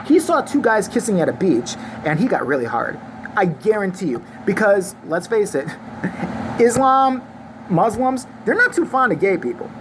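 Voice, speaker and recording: A woman's voice: mid-range voice, sing-song, moderate pace, background noise. A woman vlogger delivering an angry, crude, sarcastic opinion rant to the camera.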